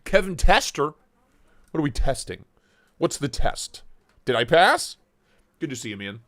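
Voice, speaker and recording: A man's voice: on the high side, big pitch swings, a little slow, a bit bright. A man hosting a casual live stream, joking around and greeting viewers by name. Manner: playful, jokey, reads chat names aloud. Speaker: livestream host.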